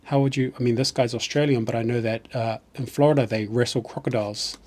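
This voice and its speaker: A man's voice: mid-range voice, steady tone, quick pace, a little mellow. A man from New Zealand with a New Zealand accent, chatting casually on a live stream in a rambling way and often restarting his sentences.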